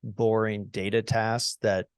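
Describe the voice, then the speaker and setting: A man's voice: lowish voice, little pitch movement, takes it slowly, clear, resonant tone, no echo, clean studio sound. A man hosting a podcast in a casual, chatty way, chuckling often and acting out his own thoughts. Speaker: podcast host. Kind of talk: casual conversational interview.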